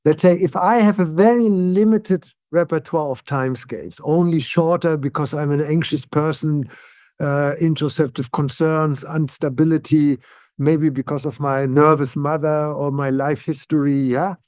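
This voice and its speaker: A neuroscientist guest speaking as an English speaker, explaining ideas in calm conversation and often checking in with "yeah?". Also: male voice, a little high, no echo, studio quality. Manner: tag "yeah?" questions, frequent restarts, calm and deliberate.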